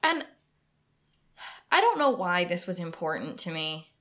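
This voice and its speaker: A woman's voice: lowish voice, measured pace. A woman co-hosting a podcast, chatting casually about a book she loves, with lots of restarts. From United States. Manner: chatty, animated, with frequent restarts. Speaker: podcast co-host.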